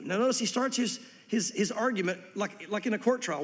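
Man, pastor, high voice, animated sermon, echoing hall. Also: brisk. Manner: animated, acts out voices in quoted lines.

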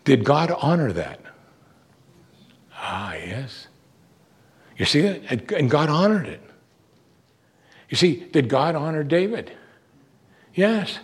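A man's voice: a little high, very animated, measured pace, long pauses. A man preaching a sermon, earnest and emphatic, pushing his voice up on key words.

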